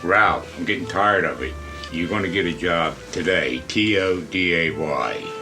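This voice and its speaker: A man plays a gruff war-veteran father who bullies and threatens his son. His voice sits very low, with faint music playing behind the clip. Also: expressive, unhurried. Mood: scolding. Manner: bullying, menacing threats.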